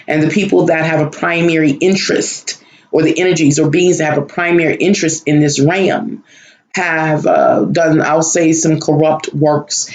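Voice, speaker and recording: A man's voice: fairly high pitch, a little mellow, reverberant, low-quality recording. A man telling of a dream in an emotional, searching monologue, often repeating himself and trailing off. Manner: emotional, searching, repetitive, halting. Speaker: spiritual vlogger. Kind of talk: personal monologue about a dream.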